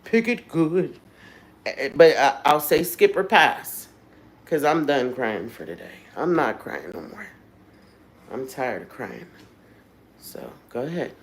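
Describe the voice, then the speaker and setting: A woman's voice: a bass voice, big pitch swings, slow, pauses often, poor audio. A woman hosting a livestream, talking candidly and emotionally straight to her viewers in a casual way. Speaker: livestream host.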